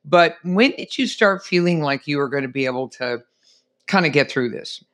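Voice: medium pitch, lively intonation, normal speed, fairly bright tone. An interview host who guides the conversation, recapping the story and asking follow-up questions. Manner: guiding, sums up and asks follow-up questions.

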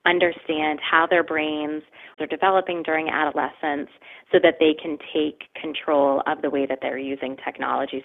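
Woman interviewer, very low pitch, measured, tinny audio. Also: creaky. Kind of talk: scripted interview questions. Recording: tinny phone-like sound.

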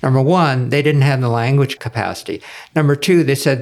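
Gravelly man telling a rambling story. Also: medium pitch, a little fast. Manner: rambling, many fillers. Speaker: guest, former foundation executive director. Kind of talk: casual storytelling.

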